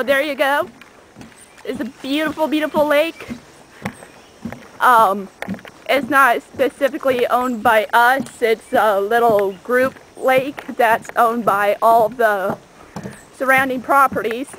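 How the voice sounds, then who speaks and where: High-voiced young woman rambling slowly. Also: fairly bright tone, slight background noise, poor audio. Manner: rambling, chatty. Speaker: vlogger. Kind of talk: casual video rant. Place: outdoors on a lake, in a small boat.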